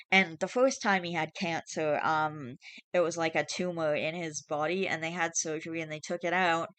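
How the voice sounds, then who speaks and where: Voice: mid-range voice, a bit bright, no echo. A young adult YouTuber reading Reddit posts aloud and reacting in a rambling, chatty way, full of fillers and casual swearing.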